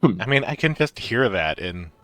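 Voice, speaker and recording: Low, lively male co-host. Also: moderate pace. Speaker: stream co-host. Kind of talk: casual game-stream chat.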